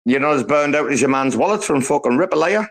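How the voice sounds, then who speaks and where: A man's voice: on the high side, lively intonation, fast talker. A man co-hosting a casual online group chat, rambling and swearing freely as he tells stories and passes the mic. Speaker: co-host of a crypto community talk show.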